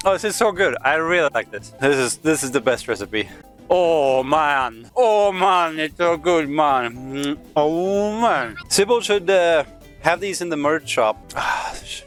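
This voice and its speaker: A man's voice: a little high, expressive, measured pace, a bit bright, soft background music. Enthusiastic man tasting cookies. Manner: enthusiastic, laughing, crude. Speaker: guest taste tester. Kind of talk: casual reactions while tasting food.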